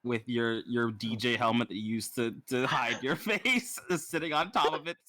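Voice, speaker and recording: A man's voice: mid-range voice, moderate pace, pushed and bright, dry recording. A man playing in a casual tabletop role-play session, rambling playfully and laughing often. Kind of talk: casual in-character game chat.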